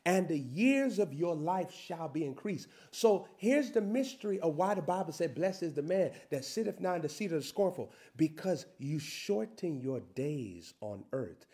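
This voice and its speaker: A man preaching a sermon, reading scripture slowly and building to loud, shouted emphasis. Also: on the high side, sing-song.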